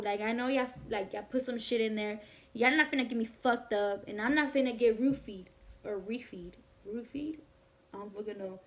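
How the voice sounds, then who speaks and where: A young woman tells a personal story straight to camera. Her voice sits a little high. She talks fast and animated, swears freely and fills her sentences with "like.". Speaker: vlogger. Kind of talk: casual storytime.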